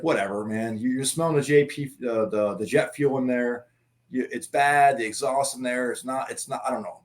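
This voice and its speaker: A man telling war stories in casual chat, laughing often and swearing freely. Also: medium pitch. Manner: laughing, profane, animated anecdotes. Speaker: former Marine guest.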